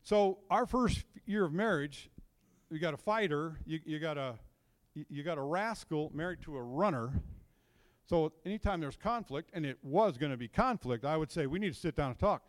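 A man's voice: a little high, animated, moderate pace, dry recording. A middle-aged man, a counselor, giving a conversational sermon and drawing the audience into call and response. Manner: storytelling, checks in with "okay?" and "right?". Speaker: counselor giving a church message.

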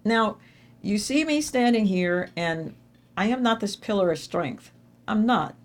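A middle-aged woman giving an inspirational faith talk to a live audience, telling stories with animated, emphatic repetition. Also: medium pitch, a little slow. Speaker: speaker addressing an audience.

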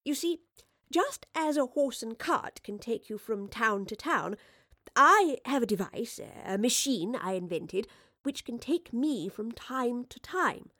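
A woman's voice: a little high, lively intonation, slow pace, pushed and bright, dry recording, clean studio sound, voice pushed up, exaggerated voice. Woman playing a hesitant, educated lady scientist. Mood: explaining. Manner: careful, hesitant explaining. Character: earnest educated woman time traveller.

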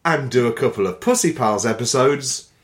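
A man's voice: mid-range voice, animated, moderate pace. A man co-hosting a comedy podcast, rambling in a dry, sweary way and laughing mid-sentence. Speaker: podcast co-host. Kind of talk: casual comedy chat.

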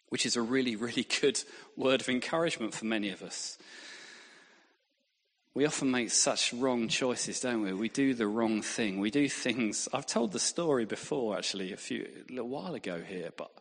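A man preaching a sermon. He mixes in anecdotes and self-deprecating humour. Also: medium pitch. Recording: long hall reverb.

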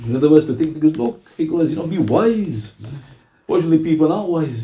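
British guy preaching casually, kinda high voice but mellow, keeps asking the crowd questions. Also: lively intonation, quick pace. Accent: British English. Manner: conversational, questioning the audience. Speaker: Islamic preacher. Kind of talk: sermon.

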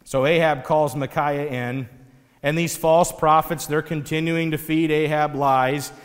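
A man giving a sermon in an animated, conversational storytelling way. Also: on the high side, a little slow, big-room sound. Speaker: pastor.

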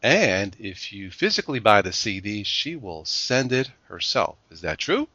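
Male host, playful, casual news chat, bright, lively pitch, dull lo-fi sound. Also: measured pace, dry recording. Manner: playful, laughs at his own jokes. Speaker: show host.

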